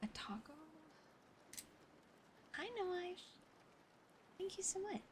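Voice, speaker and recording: A young woman whispering softly on an ASMR livestream, chatting and giggling with viewers as she thanks them and tells a story. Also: extremely high pitch, expressive, slow pace, heavy background noise. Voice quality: soft whispery voice. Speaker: streamer. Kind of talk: whispered ASMR stream chat.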